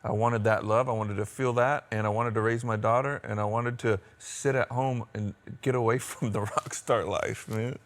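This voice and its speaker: A man's voice: lowish voice, fairly even intonation, normal speed, hardly any pauses. An American man in a band, telling his story in a rambling, open way during a casual interview. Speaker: band member.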